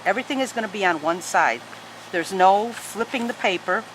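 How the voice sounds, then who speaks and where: A woman's voice: mid-range voice, expressive, fairly quick, fairly bright tone, slight background noise, rough recording. A woman teaching a paper-folding tutorial at home, guiding each fold patiently and step by step. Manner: patient step-by-step instruction, chats to her dogs. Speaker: origami teacher. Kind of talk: hands-on craft tutorial.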